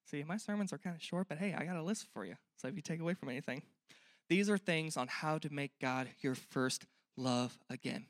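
A man's voice: fairly high pitch, a little fast, dry recording, clean studio sound. A young man preaching a sermon in a church, earnest and conversational, often asking the listeners questions. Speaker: pastor.

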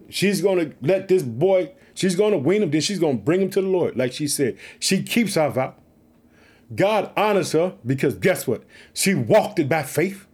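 A man preaching with excitement, reading a Bible story aloud and repeatedly urging listeners to trust God. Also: high voice.

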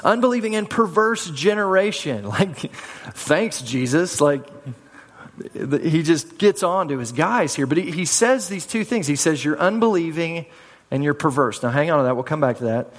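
A pastor with a slightly high, animated voice preaches a conversational sermon at normal speed in a church sanctuary. He often repeats words and calls on the congregation to answer back, and hall reverb fills the recording.

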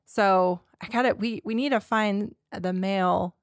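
A woman's voice: mid-range voice, unhurried, dry recording, studio quality. A woman co-hosting a casual film podcast, chatty and rambling, with frequent restarts and laughter. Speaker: podcast co-host.

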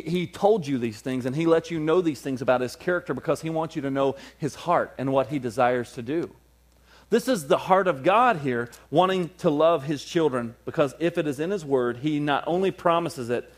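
A man preaching a sermon with fervor, moving from quiet low passages to loud, raised ones and acting out everyday scenes. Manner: acts out everyday scenes in small voices. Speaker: pastor.

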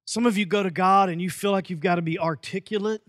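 A man preaching a sermon as pastor, lively, with folksy asides and acted-out quotes. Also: high-pitched, fast, dry recording, clean studio sound.

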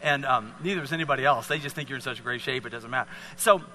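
A man's voice: mid-range voice, fast talker, sharp tone, in a large hall, a little hiss or hum. A man leading a live fitness demonstration for an audience, coaching volunteers with encouraging, repeated cues. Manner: encouraging, coaxing, repetitive cues.

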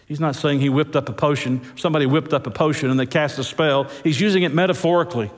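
A man preaches a sermon with a somewhat high voice. He drags out key words and leaps up and down in pitch to drive points home. A long reverb from the large hall trails behind him. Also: fast. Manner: preaching with big swings of pitch, stretched words for emphasis. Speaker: pastor. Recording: echoey church hall.

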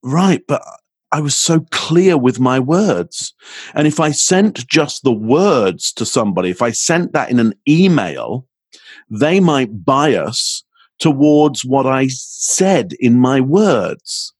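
A man with a slightly husky, breathy voice speaks as an expert guest in an interview. He explains his points patiently, now and then acting out a phrase to show a change of tone. The sound is dry and close. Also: mid-range voice, big pitch swings, slow, dry recording. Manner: explanatory, demonstrates intonation with his voice. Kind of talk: podcast interview.

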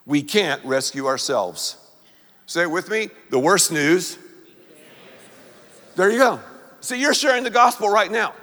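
A man preaching a sermon, leading the congregation to repeat lines back to him in an animated way. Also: high-pitched, measured pace, long pauses, long reverb tail. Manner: animated, call-and-response with congregation. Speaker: pastor.

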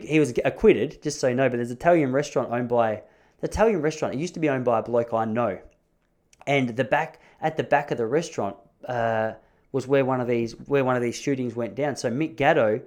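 A man's voice: mid-range voice, darkish tone. An Australian man in his thirties, hosting a casual storytelling monologue, chatty and rambling with laughs between stories.

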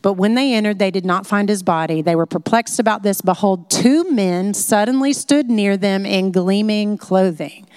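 A woman teaching a conversational Bible lesson in a chatty, animated way, full of "like" fillers. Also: mid-range voice, moderate pace, few pauses, smooth, dry recording, clean studio sound.

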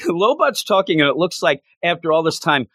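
Brief: lively male co-host, lots of laughter, pitch jumping around, dry mic. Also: moderate pace, no echo. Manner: animated, laughs often, trails off and restarts. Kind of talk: casual chat.

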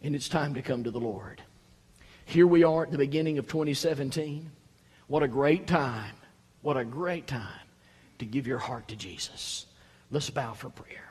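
A pastor preaching a sermon, dropping to quiet low reading and then rising to loud, high-pitched exhortation. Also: male voice, moderate pace, breathy edge. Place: church sanctuary. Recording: echoey hall.

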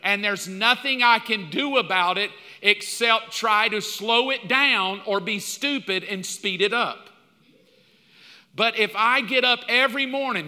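Man in his fifties, pastor, high voice, very bright tone, long hall reverb. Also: measured pace. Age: 50s. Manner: animated storytelling, jumps up loud in mock outrage. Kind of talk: sermon.

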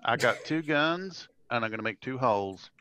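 A man introduces his tabletop gunslinger with deadpan jokes. His voice has a bright, forceful edge, and the sound is dry and close. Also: mid-range voice, moderate pace, smooth, no room sound. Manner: deadpan, jokey. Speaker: player. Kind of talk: joking in-character introduction.

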